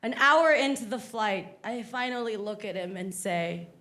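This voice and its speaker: A mid-range female voice at a normal pace belongs to a South Texas stand-up who animatedly performs character voices while telling stories to a live audience. Faint noise and laughter from the club crowd can be heard.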